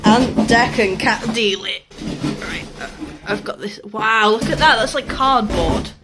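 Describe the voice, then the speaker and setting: A woman's voice: fairly high pitch, measured pace. A woman co-hosting a casual vlog, giggly and teasing. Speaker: vlog co-host. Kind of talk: casual chat. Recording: loud background noise.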